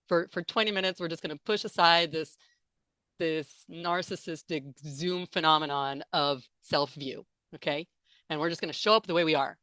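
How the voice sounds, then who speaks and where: A young adult woman with a low, slightly bright voice gives a chatty, playful live webinar to interpreters, reading and responding to comments from the audience chat. She's captured on a computer mic during a video call, and the recording sounds dry.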